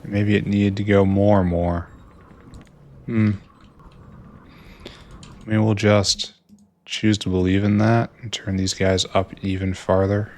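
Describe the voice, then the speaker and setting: A man's voice: lowish voice, level tone, slow, pauses often, darkish tone. A man thinking aloud in casual commentary while playing a game, musing and mocking himself. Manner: musing, talks to himself, dry self-mockery. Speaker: gameplay streamer.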